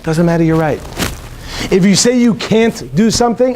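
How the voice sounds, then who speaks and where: A rabbi gives a humorous, inspirational talk to an audience in a hotel conference room. His voice sits high and moves at a moderate pace, and he stays animated, quizzing his listeners as he goes.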